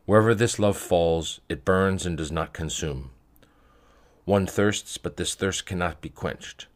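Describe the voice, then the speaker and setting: A man reading spiritual letters aloud in a measured, reverent way. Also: sits low. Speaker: podcast reader of monastic letters.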